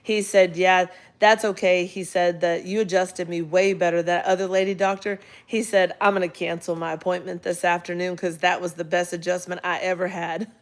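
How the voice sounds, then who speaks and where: Lady chiropractor chatting on the couch, lively storyteller, does the voices of folks she quotes. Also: fairly low pitch, moderate pace, hardly any pauses. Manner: chatty, animated storyteller who quotes others in character. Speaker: chiropractor and vlog host. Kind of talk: casual storytelling chat.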